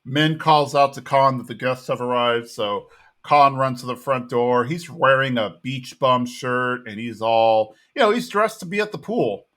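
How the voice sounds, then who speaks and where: A man's voice: medium pitch, a little slow, a bit bright. A man co-hosting a podcast, recapping a TV episode in easygoing casual chat and thinking aloud as he goes. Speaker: podcast co-host.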